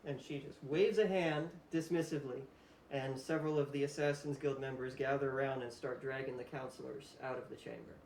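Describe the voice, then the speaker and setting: A man narrating a tabletop game as game master. He sounds relaxed and laughs often. His voice has a roomy echo, with a faint hiss behind it. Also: mid-range voice, fairly quick.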